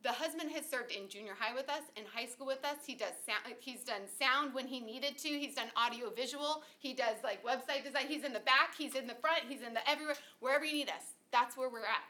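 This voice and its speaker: Bright, high-voiced animated woman. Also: a little fast, hardly any pauses. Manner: animated, acts out quoted voices. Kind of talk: casual conversational talk.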